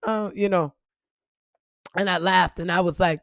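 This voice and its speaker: A woman vlogger giving a casual motivational talk to her followers, blunt and profane, swinging from loud punchy bursts to soft reflective moments. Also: fairly low pitch, fairly even intonation, unhurried, vocal fry, no echo, studio quality. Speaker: spiritual reader and motivational vlogger.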